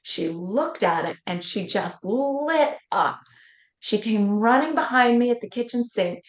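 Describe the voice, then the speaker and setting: In a roomy, slightly dull recording, a woman who works as a coach tells a personal story as an interview guest. Her voice is on the high side with lively intonation and a somewhat slow pace, and she recounts things earnestly and vividly, acting out the voices she quotes.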